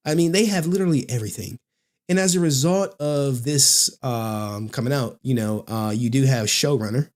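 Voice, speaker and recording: A man's voice: medium pitch, normal speed, darkish tone. A man hosting casual online commentary, talking in a slangy, profane, mocking way.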